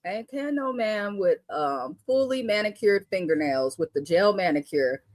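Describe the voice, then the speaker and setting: An animated woman hosts a casual live chat, blunt and quick to curse and laugh. Her voice sits at an average pitch and sounds close and dry, with no room around it. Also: no echo. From Bay Area. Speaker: live show host.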